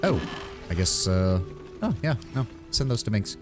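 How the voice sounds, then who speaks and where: A man's voice: fairly low pitch, sing-song, normal speed. A man giving casual, rambling commentary while playing a game and thinking aloud. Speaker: streamer. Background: game music.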